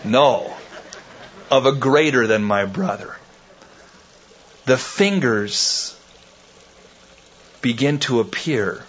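Male preacher mid-sermon, slow and measured, bursts into loud dramatic emphasis, dull lo-fi tape. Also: medium pitch, animated, breathy edge. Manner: slow, deliberate phrasing. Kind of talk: expository sermon.

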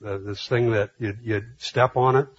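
Man, pastor, conversational sermon, husky voice, dull lo-fi recording. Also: fairly low pitch, normal speed, dry recording. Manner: conversational, many restarts and fillers, grows animated retelling stories.

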